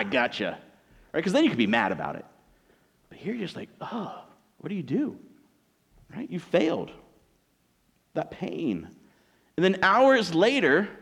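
A man preaching a sermon as pastor, telling a story with animated acted-out voices. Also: high-pitched, vocal fry, breathy edge.

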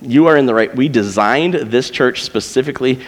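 A man's voice: medium pitch, normal speed, big-room sound. A man preaching a sermon as pastor, conversational and often building to emphatic, pleading passages, in a church auditorium.

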